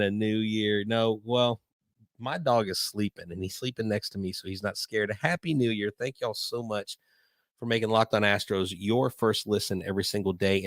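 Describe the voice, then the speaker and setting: A man's voice: fairly low pitch, no echo, clean studio sound. An older man hosts a live podcast stream, chatting in a rambling, hyper way from home at night. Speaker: podcast host. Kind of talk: live-stream casual chat.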